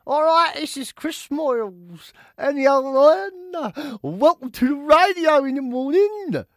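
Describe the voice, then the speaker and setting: An Irish podcast host putting on the voice of a loud male morning radio DJ, in a booming, drawn-out announcer delivery. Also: lively intonation, dry recording, clean studio sound, exaggerated voice.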